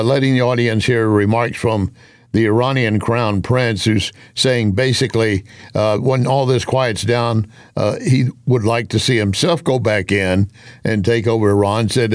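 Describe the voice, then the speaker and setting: A man's voice: medium pitch, no echo, studio quality. A man hosting a radio talk interview, chatting with his guest and cutting in to push back. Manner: conversational, interjects and pushes back.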